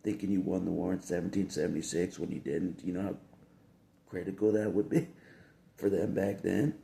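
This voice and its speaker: A man's voice: sits low, moderate pace, creaky, dark tone. A man talking casually to the camera in a rambling, repetitive way, chuckling between phrases. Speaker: video blogger. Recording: echoey room with faint background hum.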